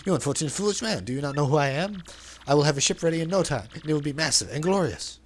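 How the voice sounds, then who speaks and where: A man's voice: on the high side, lively intonation, very fast. A man voicing a flamboyant, pompous male trader and sailor in a video game dub, with grandiose, overly formal phrasing. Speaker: let's play dubber.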